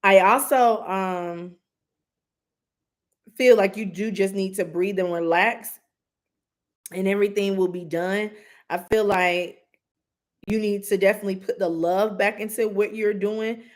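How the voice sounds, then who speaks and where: A woman's voice: mid-range voice, steady tone, unhurried, long pauses. A woman doing a live intuitive reading, giving earnest, direct advice with many asides. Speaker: psychic reader.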